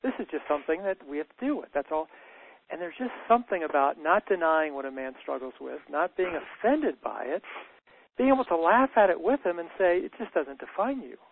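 A thoughtful man talks over a thin, phone-like line. His voice sits a little high, and he repeats words as he gathers each thought. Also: lively intonation, brisk, creaky, slight background noise. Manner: warm, thoughtful, repeats words as he starts sentences. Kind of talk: reflective conversation.

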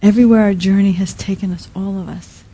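Woman, sermon, husky, mellow, soft and halting delivery. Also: mid-range voice, fairly even intonation, rough recording. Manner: soft, halting, many restarts and fillers. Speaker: speaker at a Christian teaching.

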